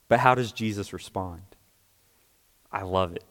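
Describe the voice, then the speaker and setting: A man's voice: sits low, unhurried, fairly bright tone, long reverb tail. A man preaching a sermon, explaining scripture emphatically and checking in with his listeners.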